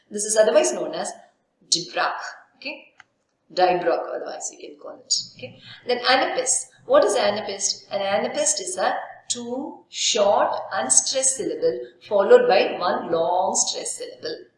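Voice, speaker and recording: A woman university lecturer giving a recorded literature lesson, asking herself questions and answering them, often saying "okay". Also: medium pitch. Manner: explains with frequent "okay" and rhetorical questions. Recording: very echoey room.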